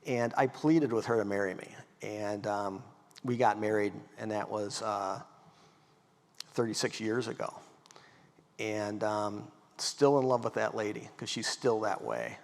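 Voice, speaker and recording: A middle-aged man telling lively stories as a guest speaker, acting out the voices of people in them. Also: lowish voice, a little slow, gravelly. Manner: folksy, animated storytelling, acts out quotes. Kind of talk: storytelling talk. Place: event hall. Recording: long hall reverb.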